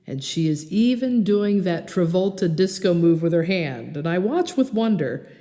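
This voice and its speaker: Animated woman reading her own book. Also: lowish voice, moderate pace, in a large hall. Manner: animated, acts out dialogue and song lines.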